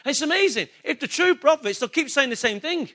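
A man's voice: very high-pitched, animated, a little fast, bright, forceful tone. A man preaching a sermon, emphatic and repetitive, asking the congregation rhetorical questions. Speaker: pastor.

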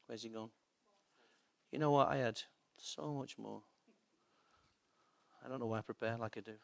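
A man's voice: mid-range voice, fairly bright tone. A man preaching a sermon in a church, emphatic and repetitive, putting questions to the congregation.

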